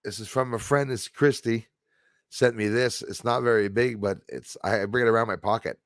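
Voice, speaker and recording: A man with a low, gravelly voice chats casually on his own livestream, rambling and getting excited as he reads out and answers viewers' comments. The sound is close and dry, with no room echo. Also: moderate pace. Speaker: livestream host.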